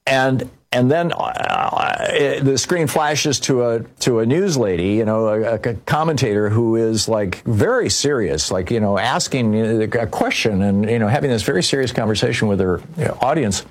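A man's voice: mid-range voice, lively intonation, normal speed, hardly any pauses. An older man telling a personal story in political commentary, rambling with many restarts and fillers.

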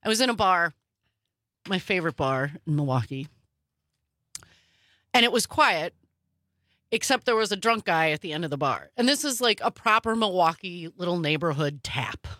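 A woman co-hosting a talk show, running through news in a quick, sarcastic way. Her voice is bright and forceful, and it sits close and dry on the mic with no room echo. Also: lowish voice, animated. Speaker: podcast co-host. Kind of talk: casual political commentary.

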